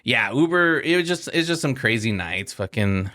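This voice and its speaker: A man's voice: mid-range voice, expressive, normal speed, pushed and bright. A man as a podcast guest, telling stories in a casual, profane way and laughing as he acts out the people in them. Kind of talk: casual storytelling chat.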